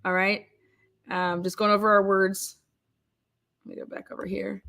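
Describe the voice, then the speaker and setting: A woman hosting a live-stream chat, excitable and giggly, swearing casually. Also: mid-range voice, normal speed, vocal fry. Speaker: livestream host.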